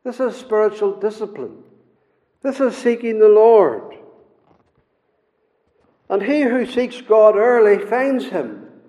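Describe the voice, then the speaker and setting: A man preaching a sermon, earnest and repetitive, rising into pleading and dropping low for hymn lines. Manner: earnest, repeats phrases, swings from loud pleading to low near-sung hymn lines. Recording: echoey hall reverb.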